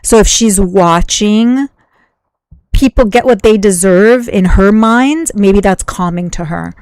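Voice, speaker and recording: A woman's voice: mid-range voice, slow, a little mellow, no echo. Dry-voiced woman musing in commentary. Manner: musing, thinks aloud with many "like"s. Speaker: commentary host. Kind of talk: casual commentary.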